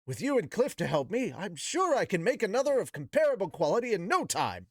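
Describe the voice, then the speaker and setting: A man's voice: high-pitched, sing-song, a little fast, no room sound, clean studio sound, voice pushed up, exaggerated voice. A man voicing a polite, formal young prince who is devoted to his master. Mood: earnest formal.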